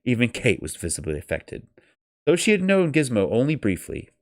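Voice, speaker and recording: A man reading a novel aloud on a stream, then chatting casually in an animated, joking way and swearing freely. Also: medium pitch, moderate pace, dry recording, clean studio sound. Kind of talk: storybook reading and casual chat.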